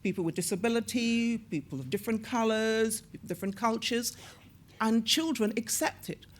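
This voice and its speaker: On stage at a screening event, a woman in her sixties, an actor and former TV presenter, tells lively stories during an interview, acting out the voices of people she quotes. Her pitch is fairly high and she talks at normal speed.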